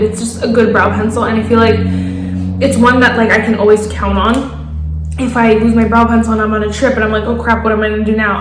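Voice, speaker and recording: A woman's voice: mid-range voice, reverberant, a little hiss or hum, poor audio. A young woman reviewing her favorite makeup in a casual, gushing way, piling up praise and laughing often. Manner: gushing, enthusiastic, repetitive praise with frequent laughs. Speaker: beauty vlogger.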